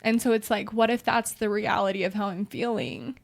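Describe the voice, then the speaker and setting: A woman's voice: medium pitch, steady tone, brisk, gravelly. A woman co-hosting a podcast, talking openly and vulnerably in a searching, personal way. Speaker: podcast co-host. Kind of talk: podcast conversation.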